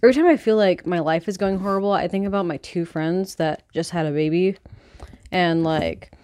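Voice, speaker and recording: A young woman vlogging casually by her chicken coop, rambling and swearing as she hushes her hens. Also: fairly low pitch, brisk, clean tone, no room sound. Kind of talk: casual chat while reading aloud. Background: faint chicken clucking.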